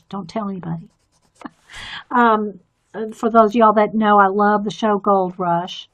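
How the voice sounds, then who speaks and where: A woman chatting in a rambling, easygoing way and laughing often while she colors on a live stream. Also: mid-range voice. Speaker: artist streaming a coloring demo. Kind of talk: casual chat while drawing.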